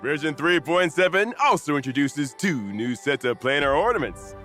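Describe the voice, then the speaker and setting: An actor playing a cheerful young male program host in a scripted game broadcast, presenting brightly. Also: fairly high pitch, expressive, moderate pace, music in the background, close to an everyday voice. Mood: upbeat.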